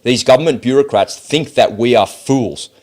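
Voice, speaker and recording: A man's voice: mid-range voice, moderate pace, a little mellow. A man with an Australian accent giving blunt, sarcastic, profane commentary on a video clip. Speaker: political commentator.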